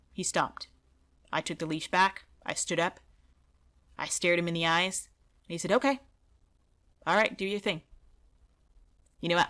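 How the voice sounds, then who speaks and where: A woman dog trainer talks through a training video in a loose, conversational way, blunt and indignant in her opinions. Her voice sits a little low but has a bright, forward edge to it. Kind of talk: casual video commentary and storytelling.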